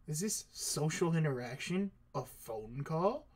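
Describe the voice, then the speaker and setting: A man giving let's-play commentary over a game, joking, excitable and swearing casually. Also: medium pitch, moderate pace. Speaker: gaming video creator.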